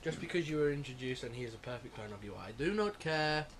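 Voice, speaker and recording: A man chatting casually about films as a podcast co-host, opinionated and quick to correct others. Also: medium pitch, lively intonation, slight background noise. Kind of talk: casual film chat.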